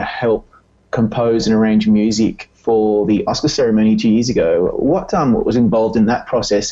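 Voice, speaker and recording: Guy asking questions slow and halting, lots of ums, warm dark voice. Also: fairly low pitch, lo-fi sound. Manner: hesitant, many fillers. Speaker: interviewer. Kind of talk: recorded audio interview.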